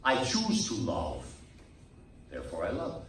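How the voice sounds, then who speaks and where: A man, a priest, preaching a sermon to a men's group in a lively manner. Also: fairly low pitch, measured pace, echoey room, recorded from a distance, a little hiss or hum, rough recording. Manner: lively preaching, acts out quoted people. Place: meeting room.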